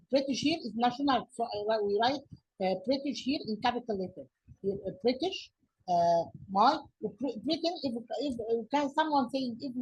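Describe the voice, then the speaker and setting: An Egyptian woman teaching an English grammar lesson in a halting way, with many fillers and restarts, her first language Arabic. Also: fairly high pitch, darkish tone, husky, rough recording.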